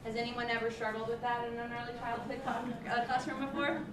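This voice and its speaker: A woman presenting a hands-on workshop to early childhood teachers, lively and encouraging, often saying um. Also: on the high side, a little fast. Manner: lively, encouraging, with frequent ums. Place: large room with a group. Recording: echoey, distant, noisy room recording.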